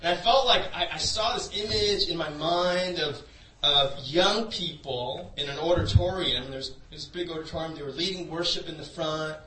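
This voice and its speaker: A man's voice: fairly high pitch, moderate pace, hardly any pauses, background noise. A man preaching a sermon through a personal story, in a loose conversational way full of "you know". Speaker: pastor. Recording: echoey room, voice from a distance.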